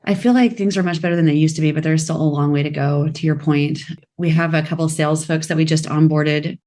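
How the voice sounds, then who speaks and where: Fast-talking woman, animated podcast guest. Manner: animated, acts out quoted thoughts in a higher voice. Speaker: guest, app founder. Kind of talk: conversational interview.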